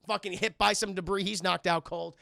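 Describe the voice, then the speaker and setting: A man hosting a livestream, casually reviewing a film for his chat in a profane, animated way. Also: sits high, brisk, gravelly, dry recording, clean studio sound. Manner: acts out lines in put-on voices. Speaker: livestream host.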